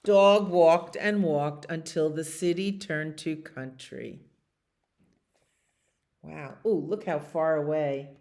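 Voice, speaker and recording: Expressive, slow-reading woman librarian. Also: deep voice. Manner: animated, expressive. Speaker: children's librarian. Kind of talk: picture book read-aloud for children.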